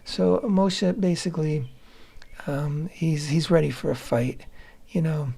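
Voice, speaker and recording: A man's voice: a little high, fairly even intonation, slow, vocal fry, dark tone, husky. A man co-hosting a radio show, explaining a scripture passage in a talky, explanatory way and glossing Hebrew terms with frequent restarts. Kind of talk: Torah commentary talk.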